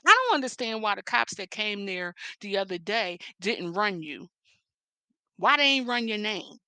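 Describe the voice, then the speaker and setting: A woman's voice: medium pitch, very animated, moderate pace, sharp tone, no room sound. A woman with a Philadelphia accent, ranting at someone on her vlog in a confrontational, mocking, profane way. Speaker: vlogger.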